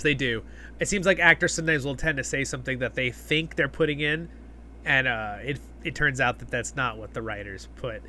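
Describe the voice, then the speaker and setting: A man's voice: mid-range voice, sharp tone, slight background noise. A man hosting a live stream, chatting casually and reading viewer comments aloud, rambling with fillers and restarts. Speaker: livestream host.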